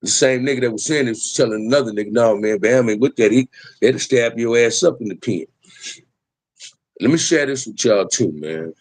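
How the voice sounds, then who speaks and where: A man's voice: mid-range voice, moderate pace, no room sound, rough recording. A middle-aged man, talking emphatically in a preachy street style as host of a livestream. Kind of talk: impassioned livestream talk.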